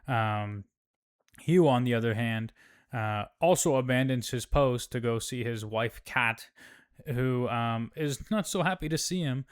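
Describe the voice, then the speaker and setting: Man, casual recap host, rambling, swearing, smooth resonant voice. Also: medium pitch, measured pace. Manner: rambling, profane, many fillers.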